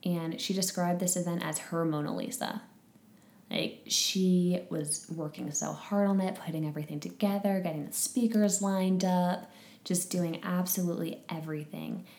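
Woman telling a story in a casual chat, animated and laughy, kinda echoey room. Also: fairly low pitch, normal speed. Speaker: podcast guest sharing a conference experience.

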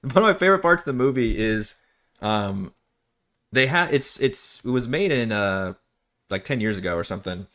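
A man's voice: mid-range voice, lively intonation, normal speed, fairly bright tone. A man acting as dungeon master, chatting casually and rambling during live-streamed game prep, often laughing and swearing.

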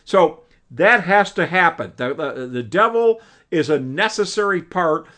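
A man's voice: on the high side, expressive, a little slow, fairly bright tone. A man teaching a Bible class over a video call, preaching in an earnest, emphatic way and often recounting what his old teacher told him. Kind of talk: preaching lecture.

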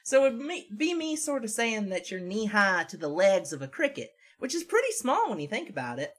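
A woman's voice: mid-range voice, sing-song, brisk. A woman co-hosting a comedy podcast, lecturing earnestly in a goofy way. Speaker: podcast co-host. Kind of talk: casual comedy podcast chat.

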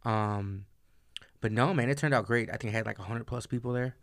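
A man's voice: medium pitch, a little fast, dry recording. A young man from the Chicago area, a guest rapper chatting over beers in a studio, telling rambling stories with lots of slang. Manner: laid-back, rambling storyteller, slangy. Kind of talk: casual chat over beers. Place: small studio.

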